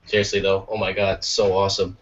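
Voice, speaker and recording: A man co-hosting an art podcast in casual chat, excitable and quick to exclaim. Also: deep voice, muffled recording. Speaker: podcast co-host.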